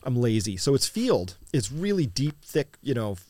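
A man hosting a live chat, telling rambling farm stories with quick asides. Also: mid-range voice, sing-song, a little mellow, no room sound, studio quality. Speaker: host. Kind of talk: casual livestream chat.

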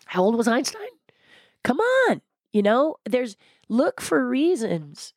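Emphatic, animated woman telling stories. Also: on the high side, takes it slowly, no echo, clean studio sound. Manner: emphatic, repeats words for effect. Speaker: interview guest. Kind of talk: animated motivational storytelling.

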